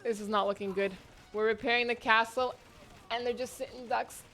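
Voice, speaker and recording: Casting a tournament she is hosting herself, this woman delivers live esports play-by-play from home near her internet modem. Her fairly high-pitched voice moves fairly quickly, chatty and excitable, jumping between exclamations while faint music plays in the background.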